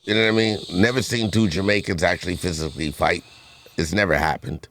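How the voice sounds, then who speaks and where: A man's voice: sits low, steady tone, fast, a bit bright, slight background noise. A man, co-hosting a podcast and trading teasing banter while telling stories on a studio mic. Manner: teasing, boastful storyteller. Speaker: podcast co-host. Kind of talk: casual banter.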